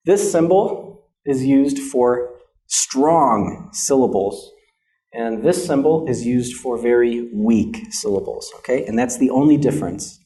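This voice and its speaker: In a classroom pronunciation lesson, an American man with a mellow, medium-pitched voice demonstrates vowel sounds. He checks in with "okay?" after nearly every point.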